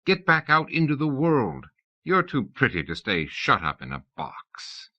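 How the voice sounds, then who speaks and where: A man reading as a sly old god, coaxing and smooth-talking, whose pitch swings about freely. He sounds bright and keen, on a dull lo-fi audiobook recording. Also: huge pitch swings, unhurried, no echo, heavily acted. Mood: persuasive. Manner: coaxing, persuasive.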